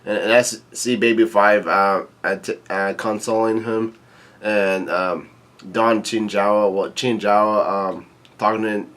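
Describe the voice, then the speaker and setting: A man giving a casual, laid-back read-through of a comic chapter, halting with many ums, uhs and restarts. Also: fairly low pitch, level tone, a bit bright. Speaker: YouTube manga reviewer.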